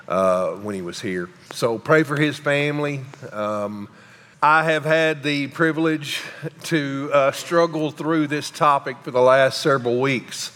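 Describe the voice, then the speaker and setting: A man, a pastor speaking haltingly and emotionally to his congregation, often pausing and sighing. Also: mid-range voice, fairly bright tone. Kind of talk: emotional sermon announcements. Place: large church sanctuary. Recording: long hall reverb.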